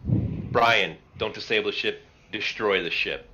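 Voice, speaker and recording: A man's voice: lowish voice, a little slow, bright, forceful tone. A man playing a tabletop game, giving blunt, profane commands in character. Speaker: player. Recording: dull lo-fi stream audio.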